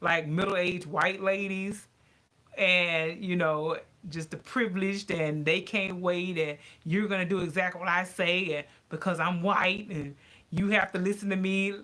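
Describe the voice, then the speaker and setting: A woman vlogger chatting casually to her viewers, animated and given to ranting. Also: lowish voice, unhurried. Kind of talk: casual chat to camera.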